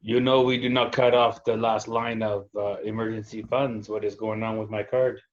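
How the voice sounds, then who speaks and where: A man's voice: on the low side, little pitch movement, dull audio, pitched below the performer's own voice, close to an everyday voice. A man doing a pompous French vampire heir. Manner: halting, pompous, fake-French phrasing. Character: proud young male vampire heir, pompous.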